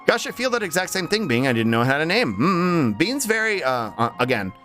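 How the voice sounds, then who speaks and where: Over faint music, a livestreamer with a fairly high, sing-song voice chats casually, talking a little fast in a pushed, bright tone. He sounds tired and strained, rambles with lots of um and uh restarts, laughs readily, and reads his chat out loud.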